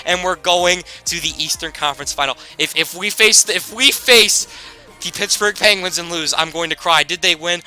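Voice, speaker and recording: Young male gaming commentator, high and piercingly bright, excitable play-by-play, faint music underneath. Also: fairly quick. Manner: excitable, swings from mutter to shouting. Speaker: gaming YouTuber. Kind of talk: excited play-by-play commentary over a sports game.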